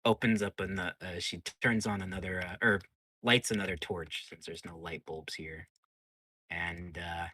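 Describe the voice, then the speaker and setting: A man narrating as game master of a tabletop game in a halting, filler-heavy way. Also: sits low, fairly even intonation, bright, forceful tone, breathy edge, no room sound.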